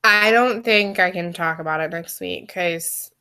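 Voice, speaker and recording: A young woman co-hosting a casual chat show, animated and teasing. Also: fairly low pitch, a little slow, clear, resonant tone. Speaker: podcast co-host.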